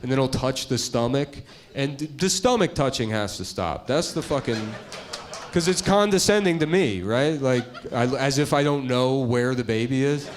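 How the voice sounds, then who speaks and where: A middle-aged man doing stand-up, rambling in a deadpan way and trailing off into mumbles. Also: medium pitch, normal speed. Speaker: comedian. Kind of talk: stand-up comedy bit.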